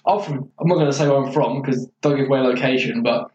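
A man's voice: medium pitch, quick pace, a little mellow, far from the mic. A man from Birmingham, co-hosting a casual podcast with playful, giggly banter. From Birmingham, England. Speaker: podcast co-host. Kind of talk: casual pub-style chat. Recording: echoey room, dull lo-fi sound, faint noise.

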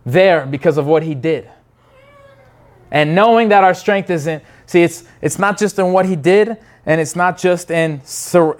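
A man preaching a sermon in an earnest, unscripted way, often restarting his phrases. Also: fairly high pitch. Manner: earnest, many restarts, acts out quoted voices.

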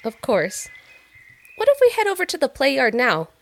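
A sweet, effusive artist. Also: female voice, high voice, wildly swooping pitch, normal speed, vocal fry, exaggerated voice. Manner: sweet, effusive and gently probing. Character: gracious warm female artist, doctor's wife. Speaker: audio drama character.

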